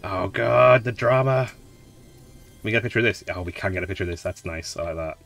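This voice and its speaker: A man with a low voice hosts a laid-back game playthrough. He talks in a chatty, rambling way and laughs often, while quiet game music plays faintly in the background. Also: fairly even intonation, fairly quick, creaky. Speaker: let's play host. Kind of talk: relaxed gameplay commentary.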